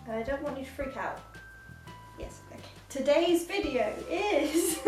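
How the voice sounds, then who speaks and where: A woman's voice: high voice, moderate pace. A woman vlogging casual advice as a cat sitter, chatty and giggly, talking at home with a cat on her lap. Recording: roomy, slightly distant, faint music.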